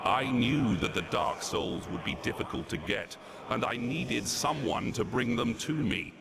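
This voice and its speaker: A man's voice: medium pitch, expressive, a little slow. An actor playing Legion, a grandiose ancient male villain who mocks and gloats, voiced in a video game cutscene. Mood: gloating. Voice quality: gravelly, theatrical and mocking. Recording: game audio with loud background noise.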